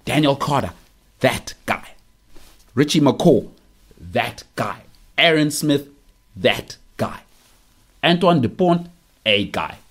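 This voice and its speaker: A South African man with a husky, slightly rough voice, talking through a podcast monologue. He teases and jabs with emphatic confidence, circling back to the same punchlines again and again. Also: medium pitch, animated, slow, long pauses. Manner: teasing and emphatic, repeats punchlines. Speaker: podcast host. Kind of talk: opinionated monologue.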